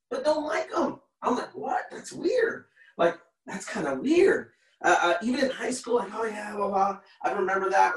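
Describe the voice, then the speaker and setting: A man in his thirties tells stories with animated energy, acting out other people's voices and repeating his points for emphasis. He sounds distant from the microphone, and the space around him has a roomy echo. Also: high voice. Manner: animated, acts out quotes, repeats himself. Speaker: podcast guest, motivational speaker. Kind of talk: storytelling in a podcast interview. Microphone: call recording.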